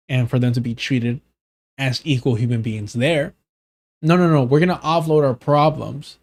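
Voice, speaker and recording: A man's voice: mid-range voice, darkish tone. A man streaming live, giving blunt, sarcastic reaction commentary.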